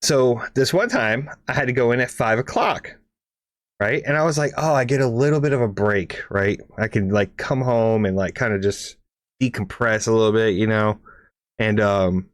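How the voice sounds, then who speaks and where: In a dry, clean studio recording, a lower-voiced man co-hosting a podcast tells a long, meandering story at normal speed. He curses freely, throws in plenty of "right?" asides, and animatedly makes engine noises and sound effects.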